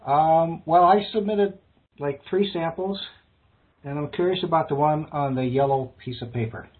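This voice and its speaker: A man's voice: fairly high pitch, normal speed, slightly rough. A man calling in to a seminar over an online call, speaking hesitantly and measuredly. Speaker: caller. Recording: tinny online-call audio.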